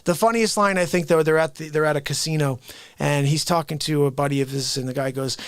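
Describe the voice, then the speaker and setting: Excitable man chatting on a livestream. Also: a little high, fast talker, smooth, dry recording. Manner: excited storyteller, laughs often, acts out movie lines. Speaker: livestream host. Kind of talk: casual livestream chat.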